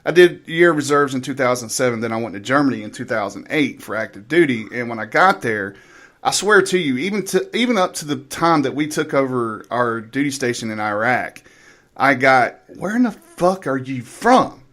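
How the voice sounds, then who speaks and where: A man with a thick Southern US drawl spins a story as a guest on a talk show. He talks casually and breaks into laughs along the way, in a voice of middling pitch. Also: expressive, fairly quick, sharp tone. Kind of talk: casual chat.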